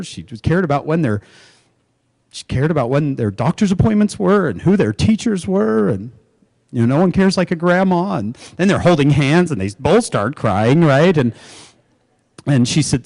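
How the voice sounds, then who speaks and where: A man's voice: on the high side, lively intonation, normal speed, a little mellow. A middle-aged man giving a keynote talk to educators, telling stories, acting out quoted voices and asking the audience questions. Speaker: keynote speaker. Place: conference venue before an audience.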